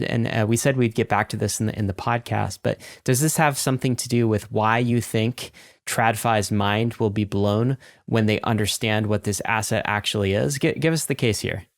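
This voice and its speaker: Low-voiced man hosting an interview. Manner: summarizing, then posing a follow-up question. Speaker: podcast host. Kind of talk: interview questions.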